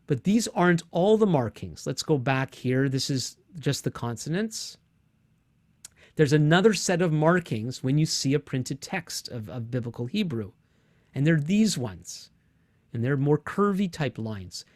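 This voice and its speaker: A man's voice: fairly high pitch, sing-song, a little slow, darkish tone, no room sound. A man teaching a Bible course online, explaining words patiently and often restarting his sentences. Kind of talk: online lecture with screen share.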